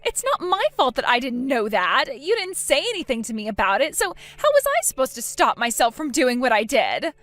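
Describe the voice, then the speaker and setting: A spiteful young sister of the groom , played by a woman, taunts and whines in a high, very lively voice. The sound is dry and close. Faint music runs beneath. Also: normal speed, few pauses, no echo, heavily acted. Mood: whiny. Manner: mocking, whiny, petulant. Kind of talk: voiced text-story drama.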